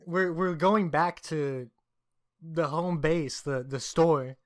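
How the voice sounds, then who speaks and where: A young man co-hosts a loose, profane podcast, teasing his buddy and laughing through his stories. His voice sits fairly high, and it sounds dry and close to the mic. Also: slow pace, no room sound. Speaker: podcast co-host. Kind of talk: casual profane banter.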